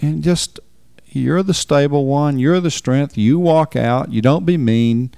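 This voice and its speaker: Gravelly-voiced man preaching folksy marriage advice. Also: a little high, measured pace, dark tone, no room sound, clean studio sound. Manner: folksy, emphatic, repeats words for stress. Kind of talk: sermon.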